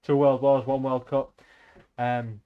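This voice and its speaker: A young man chats casually to his stream viewers. He rambles and wanders off topic, drops swear words without a thought, and keeps his voice at an ordinary middle pitch. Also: flat delivery, takes it slowly, narrow, tinny audio. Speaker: livestreamer.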